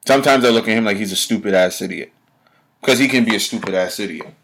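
A man's voice: lowish voice, quick pace, gravelly, a bit bright, slight background noise. A man hosting his own podcast, delivering a blunt, profane, confrontational solo rant full of rhetorical questions aimed at his listeners. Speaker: podcast host.

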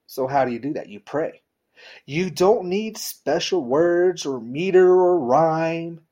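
A preacher delivers a conversational sermon, speaking directly and informally to his listeners and often checking in with "you know" and "right?". He's expressive, with emphatic swings in pitch and loudness, and speaks slowly. The recording is muffled.

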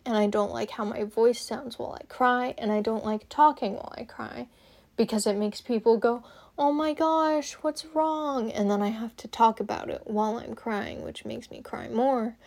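A young woman hosting her own podcast, rambling casually and haltingly, with lots of "like" fillers. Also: on the high side, creaky, a little mellow. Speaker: podcast host.

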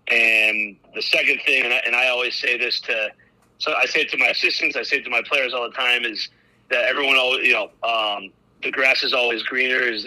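A man's voice: medium pitch, sharp tone, low-quality recording. A man, a basketball coach, speaking as a podcast guest, hesitant and full of restarts, sounding thin as if over a radio. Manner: hesitant, full of fillers and restarts, laughs easily. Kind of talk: casual podcast interview.

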